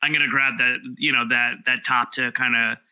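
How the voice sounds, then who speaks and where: A man, a guest comedian telling profane, animated stories in casual podcast chat. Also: mid-range voice, normal speed, smooth, poor audio. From New York.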